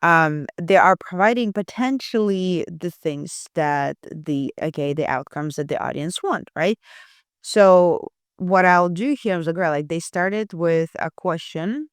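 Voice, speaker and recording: A woman guides beginners through a copywriting example, thinking aloud in a loose, conversational way. Her voice is smooth and clean. She keeps checking in with listeners as she goes, and the recording is dry and close with no room sound. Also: fairly low pitch, a little slow, dry recording. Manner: chatty, checks in with frequent "right?" and "you know"; thinks aloud while analyzing text. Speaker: copywriting instructor. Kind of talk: casual screen-share walkthrough.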